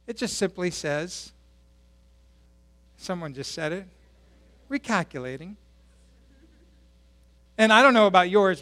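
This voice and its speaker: A man's voice: a little high, bright, forceful tone, smooth. A male pastor preaching a sermon at a church service in a conversational way, asking the congregation questions.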